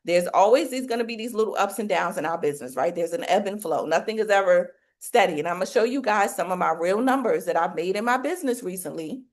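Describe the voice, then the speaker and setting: A woman's voice: mid-range voice, animated, quick pace, few pauses. Preachy woman coach, folksy faith-filled talk. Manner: preachy, faith-filled, rhetorical questions, colloquial. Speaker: business coach for hairstylists.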